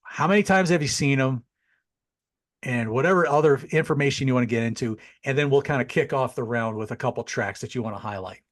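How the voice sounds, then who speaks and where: A middle-aged man hosting a casual chat show, animated and chatty, wandering into asides. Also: medium pitch, fairly quick. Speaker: podcast host. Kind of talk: casual chat over a video call.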